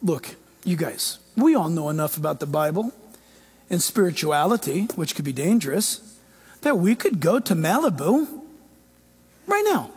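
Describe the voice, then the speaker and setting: A man pastor preaching a sermon in an animated way, acting out quoted voices. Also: a little high, moderate pace, slightly rough.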